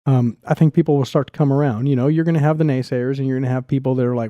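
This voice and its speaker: A middle-aged man chatting eagerly as a podcast guest, talking quickly with frequent restarts. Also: mid-range voice, fairly even intonation, warm tone, no room sound. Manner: enthusiastic, talks fast with restarts. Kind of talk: casual podcast chat.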